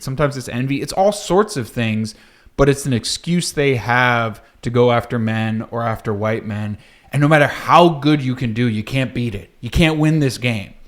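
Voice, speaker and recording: Man telling a story, casual. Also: medium pitch. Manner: conversational storytelling, acts out quoted lines. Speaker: podcast host telling a personal story. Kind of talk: casual monologue.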